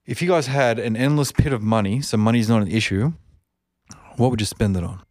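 A man's voice: mid-range voice, brisk, a little mellow, no room sound, studio quality. A middle-aged man hosting a podcast in casual interview chat, rambling and restarting his questions. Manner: rambling, repeats words when starting questions. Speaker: podcast host.

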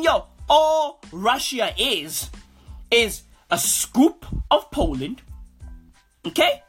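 A woman's voice: fairly high pitch, a bit bright, husky. A woman hosting a comedic podcast, ranting in a brash, swaggering bro manner and calling everyone bro. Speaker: podcast host.

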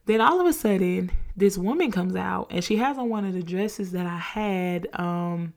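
A woman hosting a podcast, casually retelling a dream with lots of "like" fillers and animated quoted dialogue. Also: mid-range voice, moderate pace, hardly any pauses. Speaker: podcast host. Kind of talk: casual storytelling.

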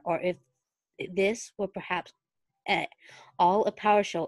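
A woman's voice: on the low side, no echo. A woman with a Southern US accent reading fan fiction aloud, giggling and stumbling over words, then going back to reread them.

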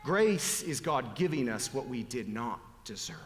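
A man preaching a sermon, dropping to hushed whispers and rising to loud, pleading appeals. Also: medium pitch, sing-song, measured pace, soft background music. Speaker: pastor. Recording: long hall reverb.

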